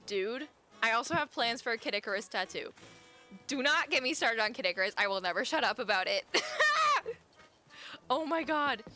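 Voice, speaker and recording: Young woman streaming, chatty n excitable, kinda high bright voice, faint music behind. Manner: chatty, quick to get excited, often laughing. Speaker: live streamer. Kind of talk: casual chat with viewers.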